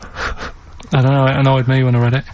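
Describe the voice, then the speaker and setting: A man co-presenting on the radio, talking in a plodding, matter-of-fact, deadpan way while reading out quiz clues. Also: medium pitch, normal speed. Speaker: radio show co-presenter running a quiz segment. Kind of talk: casual radio banter. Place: radio studio. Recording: dull lo-fi radio recording.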